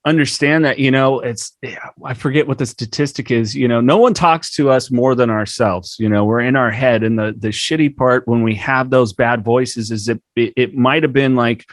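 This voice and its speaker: A man hosts a podcast interview in an easygoing, affirming way. His voice sits in a middle pitch and is recorded dry, with no room sound. He talks loosely and leans on fillers as he builds his questions. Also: fairly even intonation, moderate pace, few pauses, dry recording. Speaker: podcast host. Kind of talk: interview conversation.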